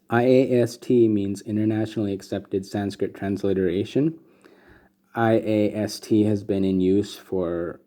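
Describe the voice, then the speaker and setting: A man explaining Sanskrit script and meter as a teacher, relaxed and casual, with many pauses and fillers. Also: on the low side. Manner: relaxed, many ums and restarts. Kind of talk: explanatory lesson with slides.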